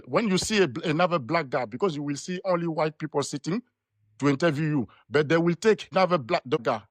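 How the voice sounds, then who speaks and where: A man's voice: on the high side, dry recording, studio quality. A man on a live online panel, talking in long rambling runs with many restarts and repeated words. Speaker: panel guest.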